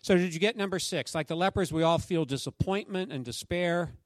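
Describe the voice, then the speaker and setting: A man's voice: high voice, brisk, dry recording. A man preaching a sermon as pastor, telling a story and urging the congregation to respond. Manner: exhorting the congregation, lively call-and-response.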